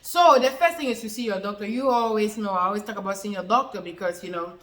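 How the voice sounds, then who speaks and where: A woman's voice: mid-range voice, quick pace, fairly bright tone, echoey room. A woman giving an unscripted explainer on a health topic, repeating her points and using many fillers. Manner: repetitive, circles back to points, many fillers. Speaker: health educator. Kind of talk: unscripted explainer talk to camera.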